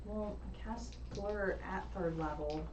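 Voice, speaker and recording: A woman's voice: medium pitch, slow. A woman playing a tabletop game, explaining her spells and cheering on rolls. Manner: explains rules at length, excitable cheering. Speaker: player. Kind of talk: casual chat at a game table. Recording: distant, roomy, dull sound.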